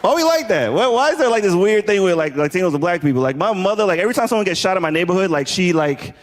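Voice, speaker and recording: A man doing a stand-up comedy set, telling animated stories and shouting out impressions. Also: sits high, quick pace, big-room sound. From New York. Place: comedy club stage with a live audience. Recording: crowd laughter and room noise.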